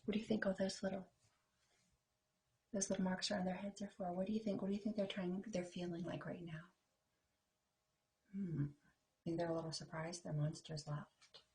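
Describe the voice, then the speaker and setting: A woman, a kindergarten teacher, reading a picture book aloud to young children in an expressive, playful way and talking to them directly. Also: fairly low pitch, normal speed, long pauses.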